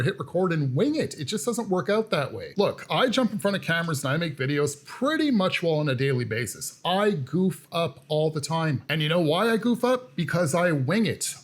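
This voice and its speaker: A man commentating on clips in a mocking, lecturing way. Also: fairly high pitch. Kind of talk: reaction commentary.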